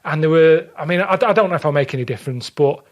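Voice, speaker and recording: Speaking fast in a slightly high voice over lo-fi sound, an Englishman appears as a podcast guest. He grumbles his way bluntly through a casual story, playing out the back-and-forth of each character.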